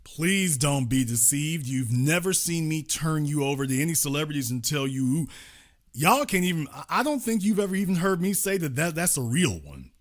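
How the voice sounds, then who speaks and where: A man's voice: fairly high pitch, lively intonation, moderate pace, hardly any pauses. A man hosting a show who delivers a political commentary monologue in an emphatic, repetitive, preaching manner. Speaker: host.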